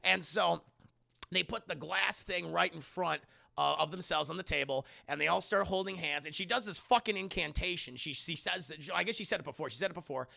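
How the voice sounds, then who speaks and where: Male streamer-reviewer, high gravelly voice, casual and profane, acts out scenes. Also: fairly quick, sharp tone, no echo. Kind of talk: casual live-stream recap.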